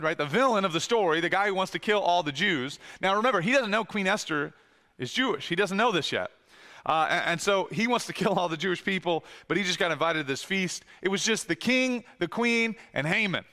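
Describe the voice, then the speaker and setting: Guy preaching a casual chatty sermon, bright forceful voice, big echoey hall. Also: high voice. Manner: animated, conversational preaching with many asides and quoted voices. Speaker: pastor. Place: church hall.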